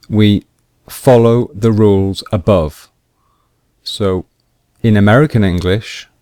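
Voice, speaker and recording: Slow, deliberate male English teacher. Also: lowish voice, mellow, clear, resonant tone, no echo, studio quality. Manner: slow, deliberate, repeats each rule. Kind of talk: slow explanatory grammar lesson.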